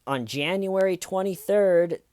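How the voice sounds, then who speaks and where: A man's voice: high-pitched, unhurried, darkish tone, smooth, dry recording. A man hosting a casual true-crime commentary, talking in an indignant, conversational way with lots of fillers and restarts. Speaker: podcast host.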